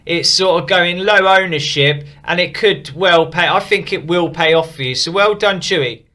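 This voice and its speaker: A man's voice: high voice, normal speed, bright, forceful tone. A man casually reviewing and rating viewers' fantasy football teams, frank and opinionated but upbeat. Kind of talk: casual commentary.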